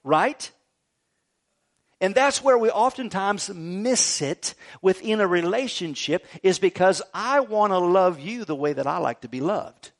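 A middle-aged male pastor giving a sermon in an animated, jokey way, often checking in with "right?". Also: high-pitched, a little slow. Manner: animated, jokey preaching with frequent "right?" asides.

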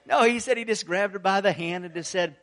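A pastor preaching a sermon, telling a story in an earnest, emphatic way. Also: male voice, sits high, brisk, fairly bright tone. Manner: storytelling, acts out the quoted voices.

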